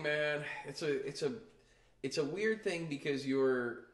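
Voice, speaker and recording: A man's voice: fairly high pitch, a little slow, reverberant. A man in casual podcast chat, rambling and joking, with lots of fillers. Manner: rambling, joking, slips into mock voices.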